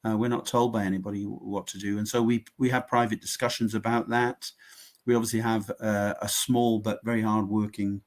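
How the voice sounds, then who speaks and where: A middle-aged man from the United Kingdom, a member of parliament, explaining committee work in a measured conversational way with some restarts. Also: fairly low pitch, flat delivery. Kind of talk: conversational interview answers.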